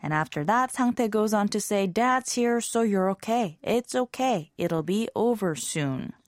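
A woman hosts a scripted language lesson, explaining each phrase in a clear, measured way. Her voice rises and falls a lot as she talks. The sound is close and dry, with no room echo. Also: medium pitch, lively intonation.

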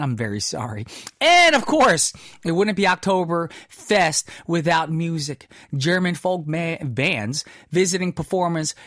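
A man's voice: dry recording, studio quality. A man hosting a pop music radio show, reading entertainment news in upbeat patter with playful asides. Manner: animated, playful asides, swoops high on exclamations. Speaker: radio DJ host.

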